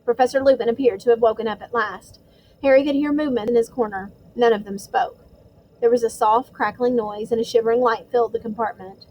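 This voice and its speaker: A woman narrating a storybook chapter in a measured, suspenseful way. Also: fairly high pitch, fairly even intonation, a little mellow, a little hiss or hum, rough recording. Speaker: audiobook reader.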